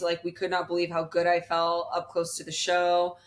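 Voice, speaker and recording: A woman's voice: on the low side, completely flat delivery, brisk, hardly any pauses, a bit bright. A young woman talking casually about her bodybuilding prep, chatty and full of fillers. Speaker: bodybuilding competitor, guest. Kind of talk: casual podcast chat.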